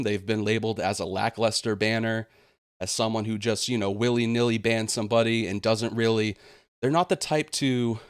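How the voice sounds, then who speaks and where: A man's voice: on the low side, smooth, no echo, clean studio sound. A young man venting in a vlog monologue, aggrieved and indignant, slipping into sarcastic mocking quotes. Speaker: gaming channel host.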